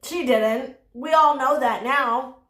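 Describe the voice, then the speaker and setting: High voiced woman doing sassy blunt commentary, swears a lot, echoey room. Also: slow, a bit bright. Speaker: commentary YouTuber. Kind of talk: casual drama commentary.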